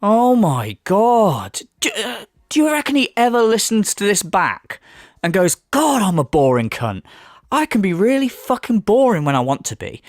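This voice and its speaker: A man's voice: high-pitched, big pitch swings, normal speed, dry recording, studio quality. A man giving a sarcastic, heavily sweary commentary rant. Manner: sarcastic, swears heavily, mocks in put-on voices. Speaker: commentary video host.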